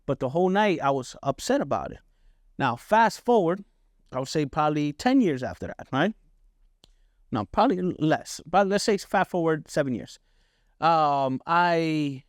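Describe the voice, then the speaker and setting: Casual and candid, a middle-aged podcast host swears freely and peppers his personal stories with "right?" He has a fairly high-pitched voice, captured in a dry, studio-quality recording.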